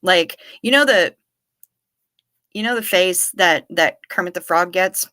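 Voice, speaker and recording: A woman's voice: on the low side, unhurried, sharp tone, no echo, studio quality. A woman hosting a livestream, telling rambling stories with wry asides and answering her chat casually. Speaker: livestream host.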